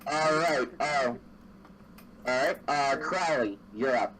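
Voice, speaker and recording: A man's voice: medium pitch, slow pace, a bit bright, slight background noise, poor audio. A man narrating as game master of a tabletop game, meandering with many fillers and self-corrections.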